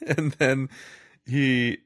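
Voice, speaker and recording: A man's voice: medium pitch, fairly even intonation, drawn-out words, a bit bright, no room sound, studio quality. A man co-hosting a podcast, casually recapping a movie with jokes, swearing and silly acted-out lines. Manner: jokey, acts out scenes in silly voices, swears freely. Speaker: podcast co-host.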